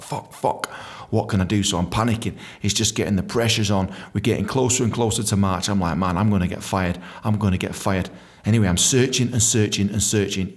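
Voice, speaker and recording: A man hosting a storytelling podcast, animated, swearing freely and acting out quotes. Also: lowish voice. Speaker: podcast host.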